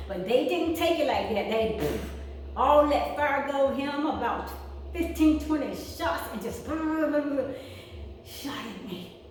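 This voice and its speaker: Middle-aged woman vlogger, heartfelt and repetitive, slightly high voice, distant mic in an echoey gym. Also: a little mellow, a little hiss or hum. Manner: heartfelt, repeats phrases. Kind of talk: casual vlog talk. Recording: echoey room from far off.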